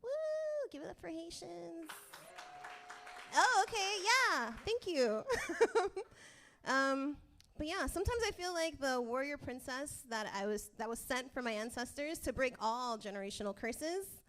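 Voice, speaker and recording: A woman's voice: high voice, expressive, measured pace, a bit bright. A woman hosting a comedy show, chatting upbeat with the crowd and introducing the next act. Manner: upbeat, chatty, laughs between lines. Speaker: show host.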